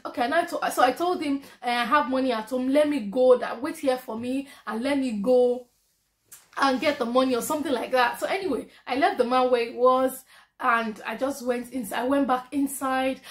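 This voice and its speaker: Young Nigerian woman, high-pitched, lively storytime vlogger who laughs a lot. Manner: animated storyteller, laughs often. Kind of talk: storytime vlog.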